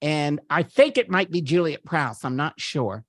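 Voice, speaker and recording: A man's voice: a little high, expressive, a little slow, fairly bright tone, no echo, studio quality. A man putting on a campy male comedian's voice while hosting a party and gushing over a photo slideshow. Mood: gleeful, gushing. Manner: gushing, giggly, chatty asides. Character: campy middle-aged male comedian impression. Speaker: party host. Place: virtual party at home.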